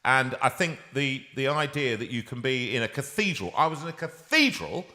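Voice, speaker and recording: A man hosting a casual live stream, jokey and self-mocking, talking in quick bursts. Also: medium pitch, expressive, sharp tone. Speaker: host. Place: music room with a piano.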